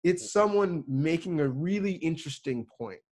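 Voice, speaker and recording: A man's voice: on the high side, lively intonation, moderate pace, a little mellow. A man, a sports reporter and producer, giving earnest, emphatic advice to students over a video call, with frequent restarts.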